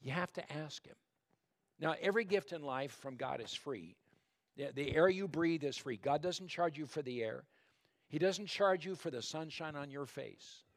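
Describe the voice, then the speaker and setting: Soft-spoken storytelling pastor, higher voice. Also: male voice, expressive, normal speed. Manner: conversational storytelling, addresses the congregation directly; drops to a soft, hushed tone when calling for prayer. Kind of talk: sermon.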